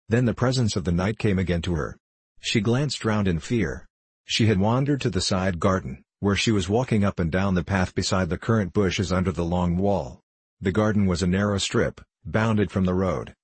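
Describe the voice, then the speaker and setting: A male audiobook narrator reads a novel in a steady, measured voice. The voice is low and husky. It is recorded close and dry, with no room sound. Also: dry recording.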